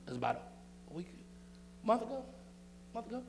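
A man's voice: very high-pitched, very animated, a little fast, slight background noise. A male pastor, preaching a sermon in a church with rhythmic, repetitive phrasing and call and response.

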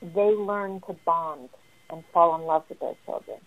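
A woman's voice: on the low side, unhurried. A woman therapist explaining parenting advice in an earnest, emphatic teaching tone. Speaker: family therapist. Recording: tinny phone-like sound.

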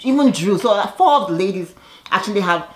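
A woman's voice: mid-range voice, expressive, quick pace. A woman casually recapping a reality show episode in a chatty, gossipy way, laughing often and tossing in sassy asides.

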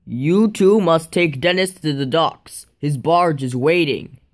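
A woman's voice: low voice, slow, slight background noise. A woman voicing Sir Topham Hatt, a stern male railway boss in a homemade toy train story, giving orders. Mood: commanding. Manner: commanding.

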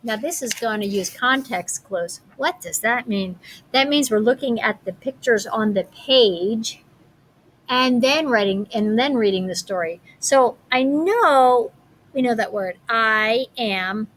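A woman teacher reading a picture book aloud and then explaining a writing lesson to young children, clear and encouraging. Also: on the high side, fairly bright tone, low-quality recording. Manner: encouraging, speaks slowly and clearly.

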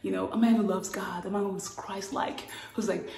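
A woman talking casually to camera, playful and animated. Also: moderate pace, hardly any pauses, roomy sound, far from the mic. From Africa. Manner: playful and animated, with laughs and sudden high exclamations. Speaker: vlogger.

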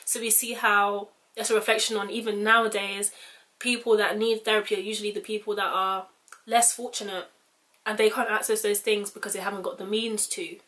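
A young British woman chats to her camera in a loose, rambling way and leans on "like" constantly. Her voice sits in an ordinary middle pitch. She thinks aloud and restarts her sentences as she goes. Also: pushed and bright. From United Kingdom. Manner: chatty, rambling, heavy use of "like". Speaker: vlogger. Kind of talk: casual commentary to camera.

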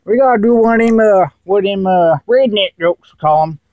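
A man's voice: high-pitched, normal speed, no echo, narrow, tinny audio. Man doing a rowdy drawling hillbilly. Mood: rowdy boasting. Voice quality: drawling, rowdy, crude, full of "uh" fillers. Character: loud crude male hillbilly tobacco dipper. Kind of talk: comedy character vlog.

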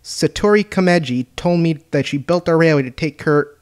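A man's voice: on the high side, normal speed, darkish tone, clean tone, voice pushed up, natural voice. A man voicing a haughty young mistress who runs a railway, scolding and imperious in a slightly raised voice. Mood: stern threatening. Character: haughty little mistress, stern railway controller.

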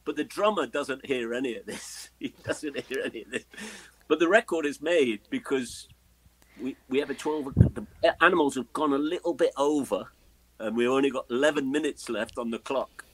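A man in his seventies with an English accent, a guest musician telling animated stories and mimicking the sounds and voices of the people in them. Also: medium pitch, normal speed, slightly rough, no room sound, low-quality recording. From England. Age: 70s. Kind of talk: anecdotal storytelling in an interview.

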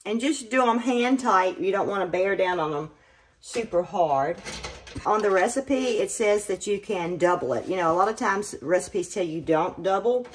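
A woman's voice: mid-range voice, lively intonation, normal speed, slight background noise. A woman chatting through a home canning demonstration in her kitchen, explaining each step as she works. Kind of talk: casual cooking demonstration.

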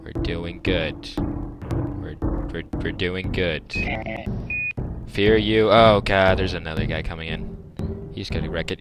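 Slow, low-voiced young man gaming. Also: poor audio. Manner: frustrated pleading at enemies, yelps and jokes. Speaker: let's play gamer. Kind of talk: casual gameplay commentary. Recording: loud game music behind.

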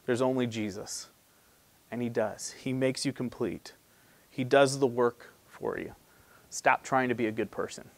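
A man preaching a sermon as pastor, talking to the congregation in a casual, conversational way, punching some phrases loudly and dropping others to a near hush. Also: medium pitch, measured pace.

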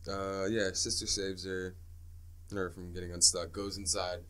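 A man's voice: low-pitched, level tone, fairly bright tone. A man co-hosting a casual movie review podcast, riffing with lots of swearing. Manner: fast, profane, riffing banter. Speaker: podcast co-host.

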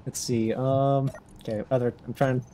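A man's voice: mid-range voice, level tone, normal speed, dark tone, slight background noise. A young man streaming a video game, chatting casually in a rambling, self-conscious way. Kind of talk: casual livestream chat.

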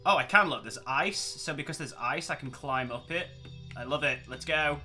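Let's-play host, excitable and exclamatory, forceful tone, faint music under. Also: male voice, medium pitch, normal speed. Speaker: gameplay channel host.

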